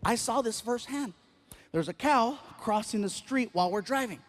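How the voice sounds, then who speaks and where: A man doing a stand-up comedy routine on a live stage, animated and acting out scenes with sound effects. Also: very high voice, moderate pace.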